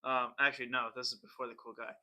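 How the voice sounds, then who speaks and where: A man's voice: mid-range voice, level tone, fast, bright, forceful tone. A young man co-hosting a podcast who tells a story in a rambling, laughing way and often starts sentences over. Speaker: podcast co-host. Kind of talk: casual storytelling chat.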